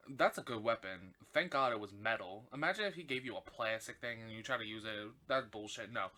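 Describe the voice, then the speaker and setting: Man, podcast host, casual film recap, heavy swearing, gushing and indignant, mid-pitched voice, rambling with fillers. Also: bright, forceful tone. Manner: chatty with fillers and self-corrections.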